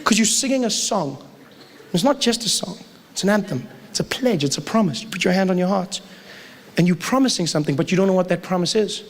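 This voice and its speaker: A man from South Africa performing a stand-up comedy routine, animated and acting out angry crowds in a raised voice. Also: quick pace. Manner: animated, acts out shouting crowds in a high voice. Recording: live hall with reverb and faint ambience.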